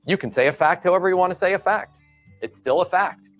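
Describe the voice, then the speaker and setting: A man's voice: fairly low pitch, very animated, slow, fairly bright tone, faint music behind, exaggerated voice. A man quoting a stubborn, insistent husband. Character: stubborn factual man in an argument.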